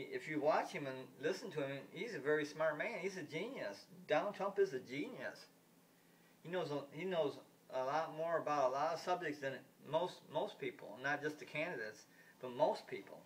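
Man, a bit high-voiced, rambling vlog rant, stumbles and restarts often, blunt, a touch off-mic. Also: a bit bright, far from the mic. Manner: blunt, indignant, swears casually. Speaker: vlogger giving political opinions. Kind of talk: casual rambling monologue.

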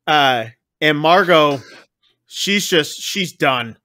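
A man casually recapping a film on a podcast, acting out the lines with big jumps in pitch. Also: expressive, very slow, pushed and bright. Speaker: podcast co-host. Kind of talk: casual movie recap chat.

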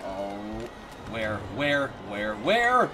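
A man's voice: on the high side, wildly swooping pitch, normal speed, fairly bright tone, soft background music. A man streaming a game and commenting live, reacting with sudden yelps and wry remarks to himself. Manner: reacts aloud with startled yelps and wry self-talk.

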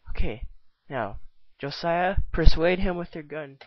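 A man's voice: on the high side, expressive, unhurried, dry recording, dull audio. A man playing a hot-tempered cowboy ranger. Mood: angry. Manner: impatient, exasperated demanding. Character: gruff cowboy ranger, short-tempered, male adult. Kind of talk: homemade stop-motion voice acting.

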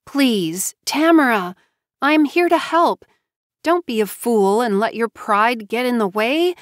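A woman's voice: fairly high pitch, expressive, slow pace, no echo, clean studio sound, pitched above the performer's own voice. Woman voicing a genteel pleading young woman.

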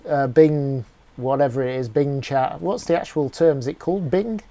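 A man's voice: mid-range voice, moderate pace, dark tone, slight background noise. A man co-hosting a casual chat, adding short remarks and reactions. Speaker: co-host. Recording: voice distant from the mic.

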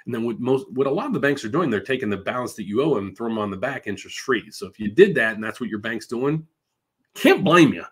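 A middle-aged man hosts a live question-and-answer show, taking viewer questions one after another. His voice is slightly husky and sits at an ordinary pitch. He sounds chatty and reassuring, and he explains things step by step. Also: expressive, quick pace. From United States. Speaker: mortgage show host.

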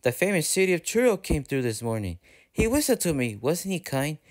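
A man voicing a kind, gentle older male steam engine who speaks in a soothing, friendly way. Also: a little high, very animated, a little fast, pitched above the performer's own voice. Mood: cheerful.

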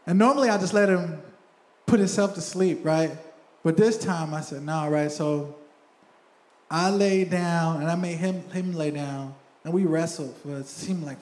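A man's voice: on the high side, darkish tone, reverberant. Man telling a story in a church. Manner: conversational, keeps asking "right?". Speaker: church elder. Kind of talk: sermon testimony. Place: church sanctuary.

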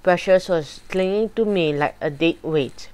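A woman reading a spooky children's chapter book aloud in a slow, deliberate and even way. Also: lowish voice, clear, resonant tone, poor audio. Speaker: storybook reader. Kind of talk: audiobook narration of a horror chapter.

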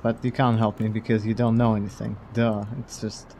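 A man's voice: on the low side, little pitch movement, moderate pace, darkish tone, slight background noise. Wry, blunt male game streamer. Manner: wry, blunt, swears casually, chuckles at the game. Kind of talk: casual let's-play commentary.

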